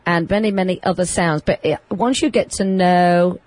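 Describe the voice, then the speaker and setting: A woman's voice: on the low side, fairly even intonation, moderate pace, darkish tone, no room sound. A woman hosting a casual radio chat, chatty and teasing, in a radio studio. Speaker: radio host.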